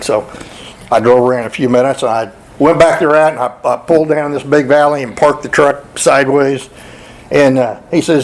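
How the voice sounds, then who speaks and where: A man speaking at a memorial celebration, telling folksy hunting stories with chuckles and halting restarts. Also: medium pitch, fairly even intonation, rough recording. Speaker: eulogy speaker. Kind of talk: storytelling at a memorial. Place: memorial gathering hall.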